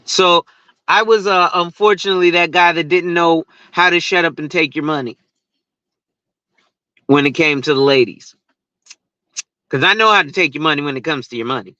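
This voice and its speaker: A man's voice: fairly high pitch, moderate pace, pauses often, bright, forceful tone, no echo, muffled recording. A man who talks insurance on social media, ranting in a casual, profane and rambling way and laughing at his own stories. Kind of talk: casual rant to camera.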